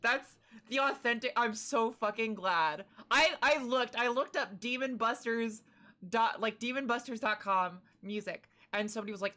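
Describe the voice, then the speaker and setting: A woman's voice: fairly high pitch, moderate pace, sharp tone. A woman streamer chatting casually, laughing often, swearing and exclaiming, breathless from laughing. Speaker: live streamer.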